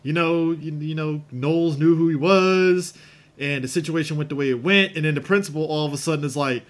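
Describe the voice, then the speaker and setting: A man co-hosting a casual podcast, retelling movie scenes and acting them out with lively swings in voice. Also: fairly high pitch, brisk. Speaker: podcast co-host. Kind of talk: casual chat.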